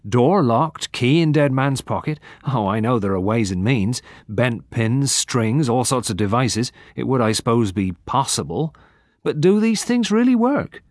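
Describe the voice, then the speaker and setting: A man plays a practical police major, matter-of-fact and doubting, close to his own plain voice. Recorded close and dry, with an even-toned delivery. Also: mid-range voice, measured pace, no room sound. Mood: skeptical. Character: practical middle-aged male police major, skeptical.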